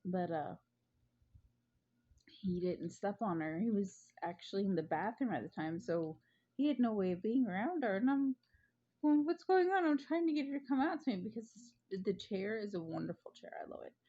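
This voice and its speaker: A woman's voice: medium pitch, expressive, normal speed, highs cut off. A woman vlogger telling a funny story in casual chat at home, chatty and prone to giggling.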